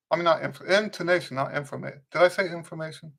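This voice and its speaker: A man hosting a live trumpet Q&A, answering viewers' questions in a relaxed, conversational way, often restarting and checking in with "okay?". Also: fairly high pitch, quick pace, creaky, hardly any pauses. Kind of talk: casual livestream teaching, answering viewer questions.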